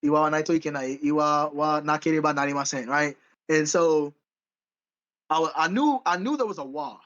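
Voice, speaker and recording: A man's voice: fairly high pitch, a little fast, fairly bright tone, highs cut off. A man co-hosting a podcast in casual chat, rambling and correcting himself as he goes, with frequent laughs. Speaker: podcast co-host.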